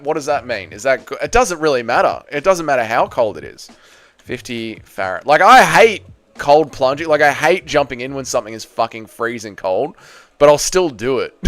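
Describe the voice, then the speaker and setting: A young man casually chatting on a livestream, answering chat comments, swearing and breaking into loud excited bursts. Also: on the high side, no room sound. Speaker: livestream host.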